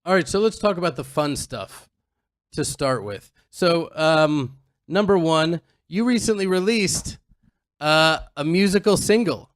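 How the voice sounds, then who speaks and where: Man, co-host, casual chat, teasing tone, higher voice, dry sound. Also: animated, unhurried, no room sound. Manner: teasing, joking. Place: outdoors on a farm in the mountains.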